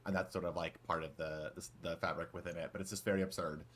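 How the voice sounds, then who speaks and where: A man's voice: deep voice, fairly even intonation, fast, fairly bright tone. A man co-hosting a podcast in casual, rambling chat with many fillers. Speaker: podcast co-host.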